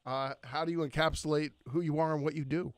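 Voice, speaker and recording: A man's voice: a little high, steady tone, fast, no echo. A man hosting a radio interview from a studio, chatty and self-deprecating, with fillers. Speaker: radio host. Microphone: studio microphone.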